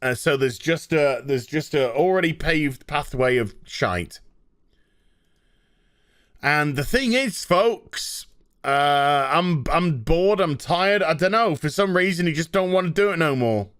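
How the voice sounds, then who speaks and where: A man's voice: fairly high pitch, unhurried, fairly bright tone, dry recording, studio quality. Exasperated, sweary man. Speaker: show reviewer. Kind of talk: ranting review.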